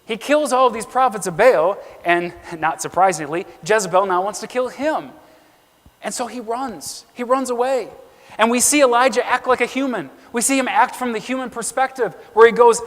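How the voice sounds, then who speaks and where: A man preaches a sermon with a notably high voice. He reads scripture aloud and acts out the quotes earnestly. The sound carries the long reverb of a church hall. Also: brisk. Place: church sanctuary.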